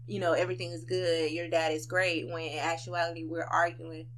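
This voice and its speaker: A woman with a bright, lower-pitched voice talks her way through her views in a relaxed podcast chat. She is reflective and emphatic and keeps asking whether her listener follows her. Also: a little fast. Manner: reflective and emphatic, often asks "you know what I'm saying". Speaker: podcast co-host. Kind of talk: casual unedited conversation.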